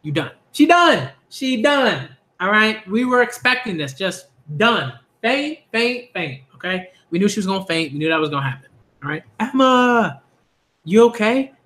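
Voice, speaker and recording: A man reacting live as he reads through a manga chapter, his voice sitting high and bright. He gets excitable and repeats the same phrases over and over. He breaks into laughter often. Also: moderate pace. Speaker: manga reviewer. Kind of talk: live reading reaction commentary.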